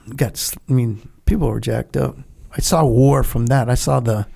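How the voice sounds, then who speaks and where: A man's voice: mid-range voice, steady tone, normal speed, creaky, warm tone, breathy edge. A man in his seventies, a guest on an interview show, telling blunt, profane stories in a casual way and acting out the dialogue as he goes. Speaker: guest, Vietnam veteran.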